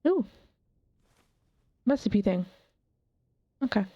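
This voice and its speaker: Woman streamer, chatty self-talk over gameplay, flat dead mic with muffled tone. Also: mid-range voice, drawn-out words, breathy edge, no echo. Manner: chatty, talks to herself while playing. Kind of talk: casual gameplay commentary. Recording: dull dry stream mic.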